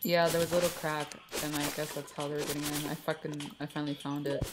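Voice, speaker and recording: Low-voiced easygoing woman. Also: little pitch movement, fast, crowd noise. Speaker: co-player. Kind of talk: casual gaming chat. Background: game music.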